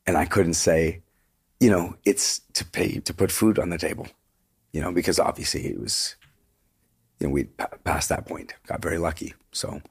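Deep husky-voiced man telling stories. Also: normal speed. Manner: earnest, rambling storyteller with many restarts. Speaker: touring singer, interview guest. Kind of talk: casual interview conversation.

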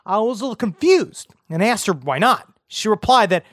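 High-voiced man reading emails aloud. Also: a little fast, no echo, clean studio sound. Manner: animated storytelling, reads emails aloud, swears. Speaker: podcast co-host reading listener emails. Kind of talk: casual comedic chat.

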